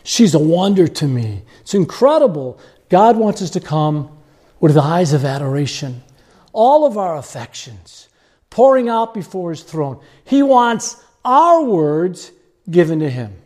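A man preaching a sermon with animated storytelling, chuckling often as he talks. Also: high voice, unhurried.

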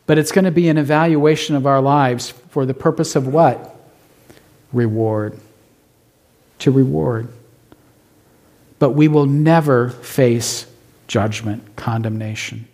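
A man's voice: mid-range voice, a little mellow. A man preaching a sermon as pastor, emphatic, asking rhetorical questions of his congregation.

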